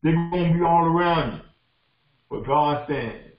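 A man's voice: on the high side, a little slow. A man preaching a sermon as a bishop, impassioned and repetitive, often calling out to the congregation. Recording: echoey dull lo-fi room recording.

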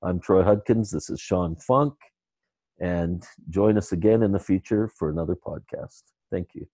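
Deep, mellow-voiced male podcast host. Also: normal speed, no echo. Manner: easygoing, laughs along, rambling sign-off. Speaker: podcast interviewer. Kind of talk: casual interview hosting.

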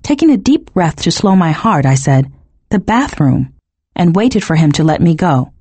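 A woman narrating a first-person novel in an expressive, emotionally engaged reading. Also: fairly low pitch, moderate pace, slightly rough, dry recording. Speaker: audiobook narrator.

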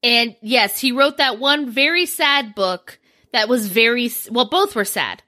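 A woman's voice: on the high side, measured pace, pushed and bright. A woman co-hosting a podcast, chatting casually in a bawdy, playful way and breaking into song now and then. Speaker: podcast co-host. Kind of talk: casual chat.

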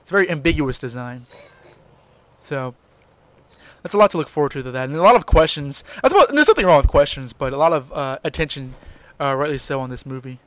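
Enthusiastic, rambling man, higher voice. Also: sing-song, fast talker, no room sound. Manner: rambling, enthusiastic, restarting sentences. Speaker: podcast co-host. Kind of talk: casual chat.

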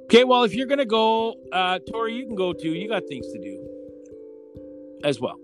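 Middle-aged male host, jokey, teasing, slightly high voice, music bed behind. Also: sing-song. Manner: joking, teasing, halting restarts. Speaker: podcast host. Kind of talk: casual family chat.

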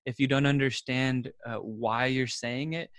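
A man's voice: mid-range voice, fairly even intonation, measured pace, fairly bright tone, clean tone, no room sound, clean studio sound. A man in his thirties, a podcast guest, who talks earnestly in a casual interview and repeats words as he thinks.

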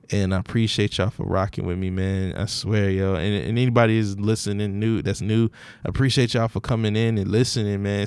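A man with a New Orleans accent hosting a solo podcast in a relaxed, joking way, laughing often and drawing out his slang. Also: lowish voice, creaky, clear, resonant tone, no echo. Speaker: podcast host. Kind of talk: casual solo podcast monologue.

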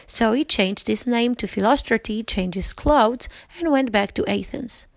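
A woman reads a storybook aloud in a careful way, with the odd slip and restart. Her voice is a little high and sounds close and dry. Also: measured pace, gravelly, hardly any pauses, no echo. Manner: careful reading with small slips and restarts. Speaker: narrator. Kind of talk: storybook reading.

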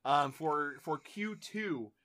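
Deadpan young man with a bright voice. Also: on the high side, slow pace, no room sound. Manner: deadpan, dry absurd jokes. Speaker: podcast co-host. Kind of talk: casual comedy podcast banter.

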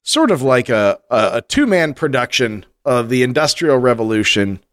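A man co-hosting a podcast in casual chat, animated and rambling, laughing often and restarting his sentences. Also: mid-range voice, moderate pace. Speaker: podcast co-host.

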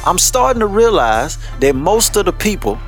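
A man's voice: high-pitched, big pitch swings, moderate pace, faint music behind. A man hosting a podcast, ranting blunt, profane commentary and laughing often. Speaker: podcast host.

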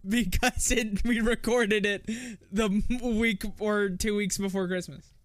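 A man's voice: sits high, fairly even intonation, a little slow, a bit bright, no echo, clean studio sound. A man hosting a casual podcast, laughing often and swearing freely in rambling talk. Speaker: podcast host.

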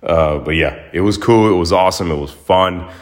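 A man with a low, deep voice tells a personal story on his podcast in a loose, casual monologue. He rambles, restarts and leans on fillers, and he gets animated when he acts out the action. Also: normal speed. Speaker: podcast host.

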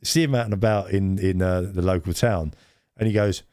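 A man with a fairly low voice chats casually on a podcast, wandering through his stories with frequent laughter. The sound is close and dry. He talks in a relaxed, meandering way. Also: normal speed, no echo. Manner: rambling storyteller who laughs often. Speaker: podcast co-host.

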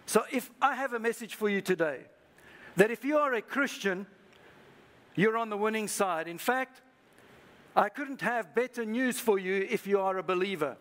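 This pastor's voice is high-pitched and a bit bright, moving at a normal speed. Preaching to a live congregation during a church service, he has the people repeat phrases to one another.

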